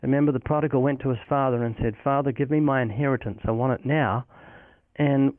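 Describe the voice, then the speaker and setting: A man's voice: mid-range voice, steady tone, fairly quick, no echo. A man, an evangelist guest, talking earnestly in a preaching way, quoting scripture and acting out little dialogues. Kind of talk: recorded phone interview about faith. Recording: tinny phone line.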